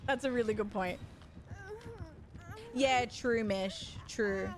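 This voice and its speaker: A woman's voice: a little high, takes it slowly. A young woman, chatting casually with her chat while gaming, rambling and swearing freely. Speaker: streamer.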